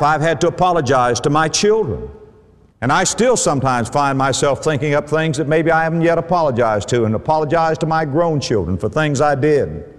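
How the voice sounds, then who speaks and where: A middle-aged man preaching a sermon with an emphatic, repetitive cadence. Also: fairly high pitch. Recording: hall reverb.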